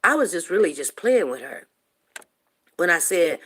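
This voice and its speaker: A woman hosting a livestream show, telling a story to her viewers in an animated, emphatic way and calling them honey. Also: mid-range voice, a little fast. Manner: animated, emphatic, calls listeners "honey" and "you guys".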